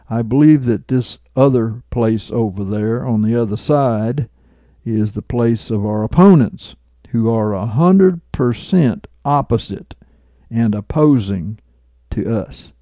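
A man's voice: medium pitch, unhurried, warm tone, dry recording. A man preaching informally as he retells a dream and explains it, checking in with listeners and chuckling at his own remarks. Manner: conversational, checks in with listeners with "right?" and "okay?".

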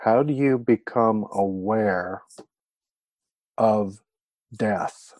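Slow, thoughtful man leading Bible study. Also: fairly low pitch, a little mellow, no room sound. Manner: thoughtful, halting. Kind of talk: reflective Bible teaching. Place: room with a group.

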